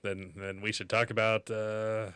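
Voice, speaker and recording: Halting, resonant-voiced male podcast host. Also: on the low side, little pitch movement, a bit bright, clean tone, no echo. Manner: rambling, halting, swears casually. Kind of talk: casual podcast chat.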